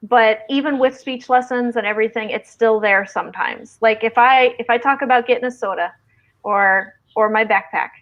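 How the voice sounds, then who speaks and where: A woman with a Midwestern twang hosts a casual writing stream, her voice sitting a touch higher than most. She chats easily and reads viewer comments aloud. The audio comes through a video call and sounds lo-fi and dull. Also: moderate pace, a bit bright. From Southern Indiana, US. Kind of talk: casual live-stream chat.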